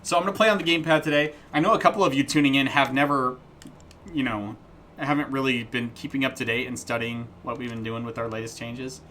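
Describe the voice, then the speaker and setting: A man's voice: mid-range voice, steady tone, fast talker, sharp tone, a little hiss or hum. A man chatting casually and playfully while streaming his game development work, rambling into jokey asides. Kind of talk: casual live-stream chat.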